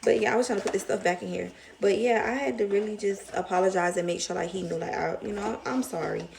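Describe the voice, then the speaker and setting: A woman's voice: medium pitch, quick pace, vocal fry. A young woman with a Southern US accent, rambling emotionally in a casual storytime vlog. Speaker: vlogger.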